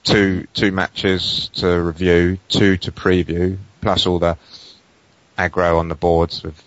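A man's voice: deep voice, level tone, slow pace, a bit bright, no echo. A man co-hosting a fan podcast, bantering with dry jokes. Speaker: podcast co-host. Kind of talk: casual banter. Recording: dull lo-fi home recording.

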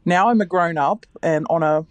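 A woman reading a listener's written letter aloud in a flat, even manner. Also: fairly low pitch, normal speed, dry recording, muffled recording. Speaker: reader of a listener's secret.

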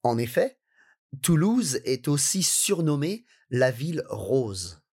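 A man with a French accent, co-hosting a language lesson, reading a text in chunks and asking quick questions. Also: medium pitch, very animated, darkish tone, slightly rough. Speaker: native-speaker co-host. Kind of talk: reading a text aloud and chatting.

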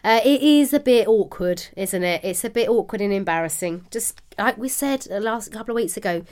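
A woman's voice: mid-range voice, animated, a little fast, darkish tone. A woman co-hosting a podcast, chatting casually, often laughing and reading listener messages aloud. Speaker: podcast co-host.

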